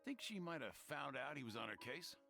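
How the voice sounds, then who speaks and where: Gravelly male detective partner, lively up-and-down voice, game dialogue. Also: mid-range voice, fairly quick, soft background music, heavily acted. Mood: thoughtful. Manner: speculative, talking through the case.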